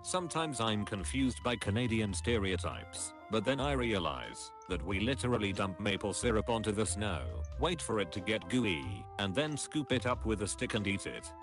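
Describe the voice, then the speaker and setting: A man with a lowish voice reads meme captions aloud on a casual stream, his pitch swinging widely as he delivers each joke. Music plays clearly behind him. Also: normal speed, hardly any pauses. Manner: reads captions aloud, drops into deadpan low voices for punchlines. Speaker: streamer reading memes aloud.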